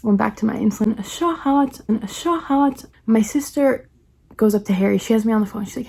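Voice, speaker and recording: A young woman from the New York area races through a personal story on her vlog, packing every sentence with "like" and acting out each line she quotes. Her voice sits a little high but has a mellow, dark color. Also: gravelly. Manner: rapid, chatty, heavy use of "like", acts out quoted lines. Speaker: vlogger.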